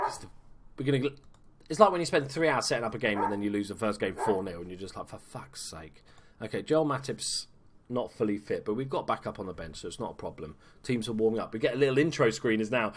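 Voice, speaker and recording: A man talks through a video game in a relaxed, chatty way from home, peppering his commentary with casual swearing and dry little asides. His voice sits at an ordinary middle pitch for a man. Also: background noise. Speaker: gaming YouTuber.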